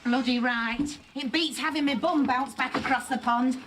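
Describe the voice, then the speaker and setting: A woman's voice: high voice, steady tone, moderate pace, close to an everyday voice. A woman with a British accent playing a plainspoken housekeeper who uses colourful slang. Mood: fretful. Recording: noisy television audio.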